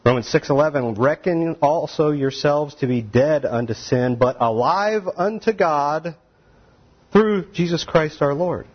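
Man, preacher, lively sermon delivery, breathy tone, dull recording. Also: fairly high pitch, a little slow. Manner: animated, conversational preaching with asides and laughs.

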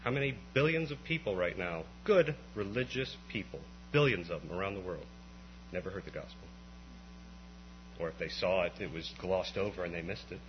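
A man preaching a conversational sermon at an evening church meeting, swinging from quiet explanation to impassioned, rising outbursts. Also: sits low, moderate pace. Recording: dull lo-fi recording with faint mains hum.

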